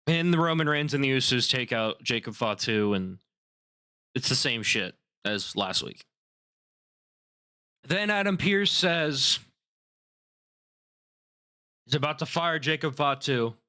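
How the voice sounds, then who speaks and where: A man's voice: mid-range voice, lively intonation, bright, forceful tone. A man hosting his own podcast, recapping wrestling in a casual, opinionated way and swearing freely. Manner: opinionated, swears, quick asides. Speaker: podcast host.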